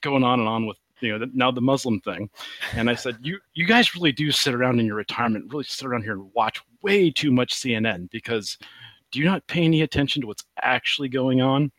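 A man's voice: medium pitch, animated, quick pace, fairly bright tone, no room sound. A man in his forties calling in to a show and telling a story about his mother, laughing at his own jokes. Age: 40s. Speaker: caller. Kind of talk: casual call-in chat. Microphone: call over voice chat.

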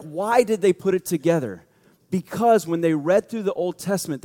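A man's voice: high-pitched, dark tone, long reverb tail. A man preaching a sermon as a pastor, in a conversational way, acting out the quoted voices in his stories.

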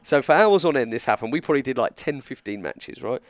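A man's voice: mid-range voice, fast talker, no room sound. An English man telling a long story in casual chat, acting out the lines of the people in it. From England. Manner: animated, acts out dialogue in quotes. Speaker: guest storyteller.

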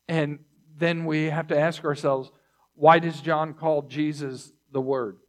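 Slow, deliberate preaching man. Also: on the high side, little pitch movement. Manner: slow, deliberate teaching with repeated phrases; throat clearing between points. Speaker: pastor. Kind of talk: sermon.

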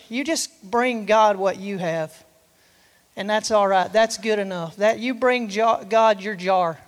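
A man preaching a sermon to his church, earnest and encouraging, often asking "amen". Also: high voice. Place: church sanctuary. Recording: church hall reverb.

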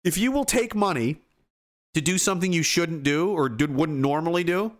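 Hosting a livestream and reading chat, a man from Atlantic Canada rants angrily and profanely, swinging from shouts to mutters. His voice is a little high and expressive, at a normal speed.

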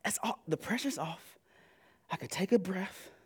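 A man preaching a sermon in an animated, conversational and slangy way, often repeating "listen" to press his points. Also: high voice, moderate pace, husky.

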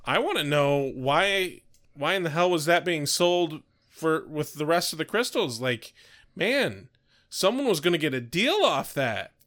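A man co-hosting a casual recap podcast who speaks in an unhurried, drawn-out way. His voice sits a little high and swings through a wide range. He talks wryly and likes to make puns. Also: animated, fairly bright tone. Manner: wry, punning, unhurried. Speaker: podcast co-host. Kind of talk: casual chat recapping a TV episode.

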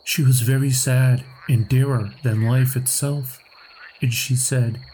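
A man narrating a story podcast in a slow, measured scripted reading. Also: medium pitch, steady tone, warm tone, a little hiss or hum.

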